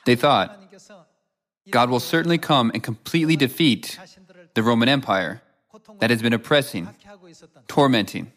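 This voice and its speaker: A man preaching in a measured, solemn read-aloud style, quoting scripture between his points. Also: medium pitch, a bit bright. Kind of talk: scripted sermon narration.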